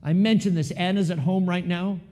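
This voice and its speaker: A man preaching a sermon in church as pastor, swinging between loud and soft and throwing in joking asides to the congregation. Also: high voice, fairly even intonation, fairly quick. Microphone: live stream recording.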